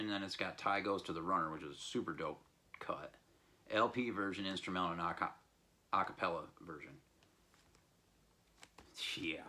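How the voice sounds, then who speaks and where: A man's voice: sits low, pushed and bright. A man in a casual vlog, telling a blunt, profane story while recovering from an illness. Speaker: record collecting vlogger.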